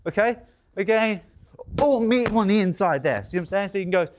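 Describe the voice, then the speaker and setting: A British boxing pundit walks through punches as he demonstrates them, animated and hands-on. His voice sits high for a man, and he keeps marking the blows with quick sound words. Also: noisy background. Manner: animated, punctuates moves with "boom". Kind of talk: demonstrating and explaining boxing tactics.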